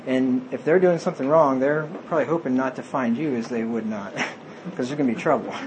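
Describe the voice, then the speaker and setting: A man preaches a sermon in a mid-range, darkish voice, speaking a little fast as he reads scripture aloud and explains it plainly. The recording is low quality, with slight background noise.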